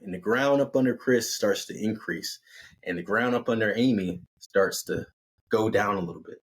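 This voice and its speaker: A man telling a story in a casual, conversational way, acting out the characters with lively delivery. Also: fairly low pitch, moderate pace, husky. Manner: conversational, animated, acts out characters.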